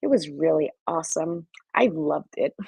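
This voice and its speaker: A woman hosts a live-streamed motivational talk as a life coach. Her voice sits a little low and has a husky, breathy edge. She is chatty and encouraging, and the sound is dry and close. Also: animated, a little slow, darkish tone, no room sound, lo-fi sound. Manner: chatty and encouraging, talks straight to viewers.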